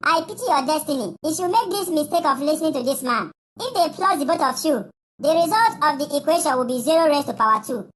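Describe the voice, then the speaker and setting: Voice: high-pitched, expressive, fast talker, fairly bright tone. A voice actor playing a cheeky, greedy young child in a cartoon, teasing. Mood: taunting. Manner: taunting, sing-song teasing. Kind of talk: cartoon voice acting.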